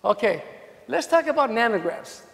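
A man's voice: extremely high pitch, very animated, moderate pace, creaky, a bit bright, long reverb tail. A man, a DUI defense lawyer, giving a conference talk full of jokes and acted-out courtroom anecdotes. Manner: joking, acts out dialogue with cops and jurors. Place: hotel conference hall.

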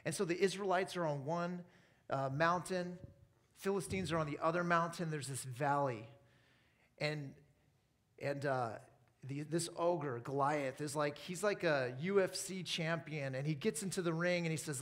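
Man preaching a lively sermon. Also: high-pitched, moderate pace. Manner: lively storytelling, acting out quoted lines. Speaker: pastor. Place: church service.

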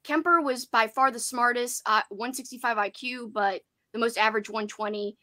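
A young woman hosts a casual live book chat in a bright, slightly high voice. She talks in quick, giggly runs and reads out viewer comments as she goes. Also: fairly even intonation. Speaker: host of a horror book channel.

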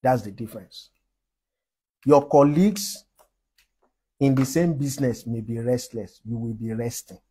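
A man's voice: mid-range voice, unhurried, pauses often, dark tone, husky. A man from Nigeria preaching a sermon, emphatic, with frequent laughs between his points.

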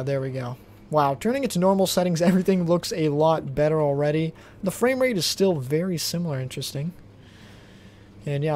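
A man's voice: on the high side, a little hiss or hum. Chatty man narrating his gameplay. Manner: relaxed, rambling, thinks aloud while playing. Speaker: tech benchmark video host. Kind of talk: casual gameplay commentary.

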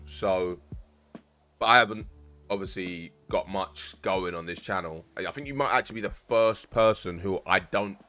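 Young man, lowish voice, casual streamer chat, jokey slang. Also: fairly bright tone. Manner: chatty, joking with chat, uses slang. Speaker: game streamer.

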